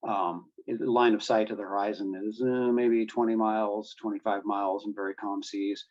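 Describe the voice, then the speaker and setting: A man's voice: on the low side, little pitch movement, normal speed, darkish tone, highs cut off. A man explaining radio communications to a boating club, with many fillers and restarts. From United States. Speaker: guest speaker on marine radio.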